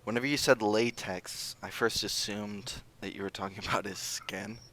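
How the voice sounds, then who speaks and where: A man's voice: lowish voice, steady tone, normal speed, crowd noise. Dry-witted young man. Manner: dry, wry one-liners. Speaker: podcast co-host. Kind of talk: casual chat.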